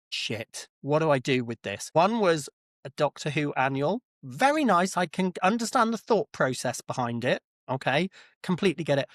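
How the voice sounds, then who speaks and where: Animated man telling stories. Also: on the high side, no room sound, studio quality. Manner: animated storytelling, self-deprecating. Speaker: podcast host. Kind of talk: casual chat.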